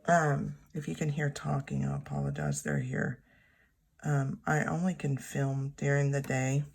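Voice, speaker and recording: A woman in her thirties telling a personal story at home in a rambling, halting way, often correcting herself. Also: a bass voice, lively intonation, creaky, darkish tone. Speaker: planner vlogger. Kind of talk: casual storytelling while journaling. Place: home room.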